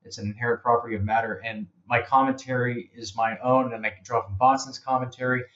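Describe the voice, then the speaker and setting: A man's voice: medium pitch, steady tone, fast, a bit bright. A man, a guest author, explaining his arguments earnestly and returning to the same key points. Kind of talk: casual conversation. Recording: slightly muffled sound.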